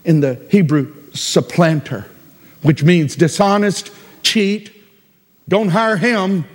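A man preaches a sermon with a high, swooping voice. He drawls slowly and hammers his points through repetition and sudden loud cries. His words ring out with a long church-hall reverb. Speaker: pastor.

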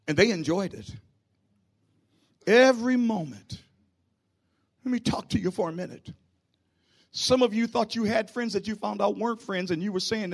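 A man preaching a sermon to his church, rising into shouts and falling to a hush. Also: high voice, husky. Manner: preaching with sudden shouts and hushed drops. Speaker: pastor.

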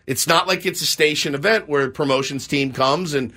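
A man's voice: a little high, brisk. A man hosting a morning sports radio show, telling a story in a casual chat and acting out the voices of the people in it. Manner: animated storyteller acting out quotes. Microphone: studio microphone.

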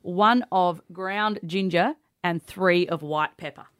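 Woman, Australian accent, radio co-host, playful chat, fairly low voice, dry sound. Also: slow, dry recording. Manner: chatty, playful. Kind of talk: casual breakfast radio chat.

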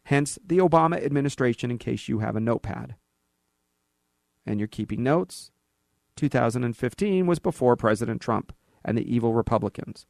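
A man's voice: medium pitch, normal speed, vocal fry, dry recording, clean studio sound. A man hosting a talk radio show, delivering an opinionated monologue with sarcasm, acting out bits of dialogue in other voices. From California. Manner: animated, sarcastic, acts out dialogue. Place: radio studio.

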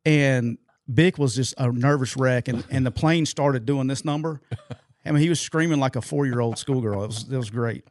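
A man's voice: mid-range voice, normal speed, darkish tone, no room sound. A middle-aged man co-hosting a sports podcast spins a long anecdote, circling back with plenty of ums and restarts. His voice sits in an ordinary middle register, recorded close and dry with no room around it. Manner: rambling anecdotal storyteller, many fillers and restarts. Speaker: podcast co-host. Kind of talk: casual sports podcast storytelling.

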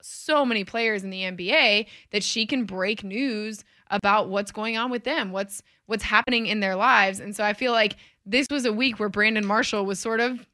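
A woman's voice: medium pitch, normal speed, few pauses, bright, forceful tone, dry recording. A woman co-hosting a casual sports talk show, speaking thoughtfully and with emphasis.

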